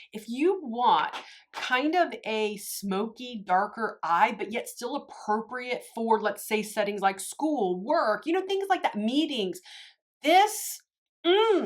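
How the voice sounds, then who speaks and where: A woman chatting her way through a makeup tutorial, gushing and talking straight to her viewers. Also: on the high side. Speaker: beauty vlogger. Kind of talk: casual makeup tutorial chat.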